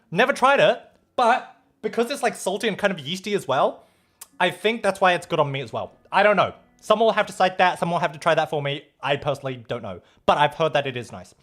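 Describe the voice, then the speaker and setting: A man's voice: fairly high pitch, a bit bright. A man with an Australian accent streaming, chatting casually and playfully as he reads out viewer messages, rambling and swearing now and then.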